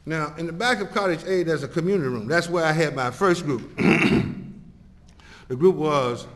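A man telling his own story to an audience, halting and repeating himself, chuckling often and acting out the voices of others. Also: fairly high pitch, long reverb tail. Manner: halting and repetitive, chuckling often, acts out quoted dialogue.

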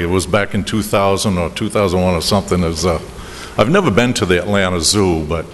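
A middle-aged man with a Boston accent tells a meandering personal story about his drinking at a recovery meeting, halting and restarting with chuckles. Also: deep voice. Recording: reverberant hall with faint noise.

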